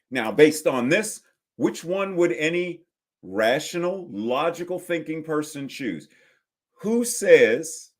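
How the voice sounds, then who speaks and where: A minister in his fifties preaching a sermon in a deliberate way, with repetitions and pauses. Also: on the high side, sing-song. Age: 50s. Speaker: senior minister.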